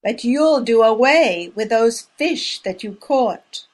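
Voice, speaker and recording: A woman leading a language lesson drill, speaking slowly and clearly and pausing between words. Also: a little high, lively intonation. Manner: clear, measured, spacing out each word. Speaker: language teacher. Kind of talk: slow, deliberate language drill.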